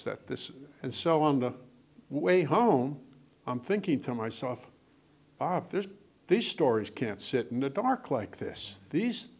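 Gravelly older man telling stories. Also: mid-range voice, darkish tone. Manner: chatty, anecdotal, frequent restarts and quoted dialogue. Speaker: author. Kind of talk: casual storytelling in conversation.

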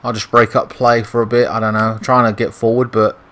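A man's voice: medium pitch, level tone, a little fast, a bit bright, slight background noise, poor audio. A young British man giving frustrated, swear-heavy commentary over a football video game. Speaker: gaming YouTuber. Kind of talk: gameplay commentary.

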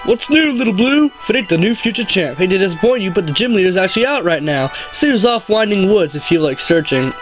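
An upbeat, teasing gym guide from a video game, as a man reads him aloud, with a lifted, higher pitch than plain speech. He talks in a breezy, playful way. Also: animated, quick pace, hardly any pauses, soft background music, low-quality recording.

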